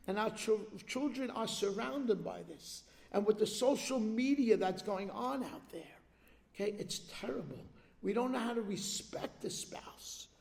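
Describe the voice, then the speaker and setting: A man's voice: high voice, vocal fry. A man giving a sermon as a rabbi, telling stories with rising intensity. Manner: animated, rises in intensity when telling stories. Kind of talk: sermon with storytelling. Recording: long hall reverb.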